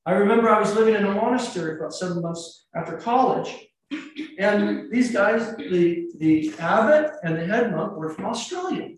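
American priest preaching, chatty storytelling style, voice booming around a big church, mic a ways off. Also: male voice, animated, normal speed. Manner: conversational preaching with anecdotes and rhetorical questions. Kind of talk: sermon. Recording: echoey church, mic at a distance.

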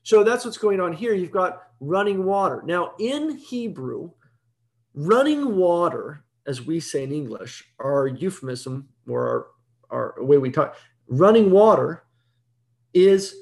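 A man's voice: fairly high pitch, a little mellow. A man giving an evening Bible teaching in a conversational way, explaining step by step and often checking in with "right?".

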